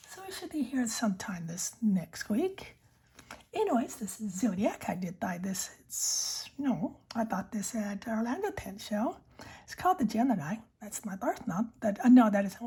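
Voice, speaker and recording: Breathy whispering woman showing off pens. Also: on the high side, expressive, moderate pace, darkish tone. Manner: chatty, rambling, many fillers and self-corrections. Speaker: fountain pen vlogger. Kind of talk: casual show-and-tell, often whispered.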